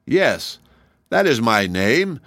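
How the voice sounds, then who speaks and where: A man's voice: mid-range voice, big pitch swings, slow pace, a bit bright, dry recording, voice pushed up, exaggerated voice. A man voicing a surly, insolent patched-together man who speaks with a growl.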